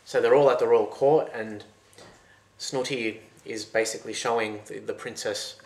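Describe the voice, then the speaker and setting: A man retelling a folktale in a loose, lively, conversational way. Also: medium pitch, normal speed. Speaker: storyteller. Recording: roomy echo.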